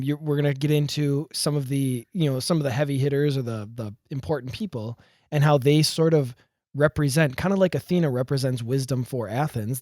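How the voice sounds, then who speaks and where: Male podcast co-host, mid pitch, hesitant and casual, dry studio sound. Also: warm tone, dry recording. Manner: loose, hesitant, thinks aloud with fillers.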